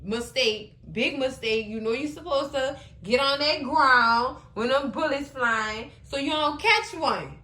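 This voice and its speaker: A woman hosting a casual TV recap, animated and exclaiming as she retells the episode. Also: high-pitched, a little slow, few pauses, reverberant. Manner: animated, exclaiming and laughing between comments. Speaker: TV recap host.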